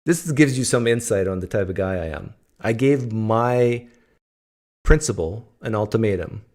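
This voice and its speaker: A man's voice: lowish voice, normal speed, darkish tone. A man from Canada hosting a casual livestream, telling stories in a joking, teasing way. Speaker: host.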